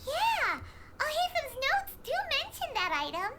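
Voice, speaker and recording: A woman voicing a tiny, excitable female companion in a game, chatty and curious. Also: extremely high pitch, measured pace, heavy background noise, heavily acted. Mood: chirpy. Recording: game audio over loud music.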